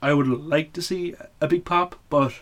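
A man's voice: fairly high pitch, steady tone, normal speed, a bit bright. A man hosting a casual show recap, blunt and opinionated, swearing often and full of fillers. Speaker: wrestling podcast host.

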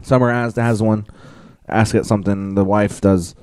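A man's voice: fairly low pitch, fairly even intonation, normal speed, darkish tone, clear, resonant tone, no echo. A young man in casual chat, rambling through a story with constant filler words, swearing and laughter. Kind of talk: casual chat recapping a cartoon.

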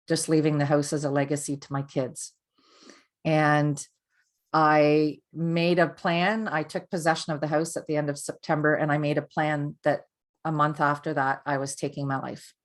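A middle-aged woman, a podcast guest, recounting her personal story candidly and earnestly, often restarting her sentences. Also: low voice.

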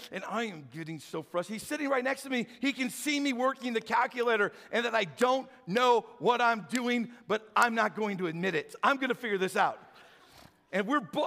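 A man preaching a sermon as pastor, telling stories with acted-out dialogue. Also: extremely high pitch. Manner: animated storytelling, acts out dialogue. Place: church sanctuary. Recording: hall reverb from church sanctuary.

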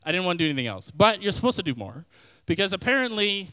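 A young man gives a youth sermon as a relaxed personal story, dropping fillers and acting out his own past lines for laughs. His voice sits a little high and comes through smooth and clear. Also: fast. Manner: casual storytelling with comic quoted voices; frequent fillers like "like" and "kinda". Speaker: youth pastor.

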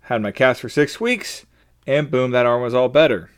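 A man's voice: mid-range voice, normal speed, smooth. A man hosting a faith-based podcast, talking in an earnest, personal and openly emotional way. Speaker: podcast host.

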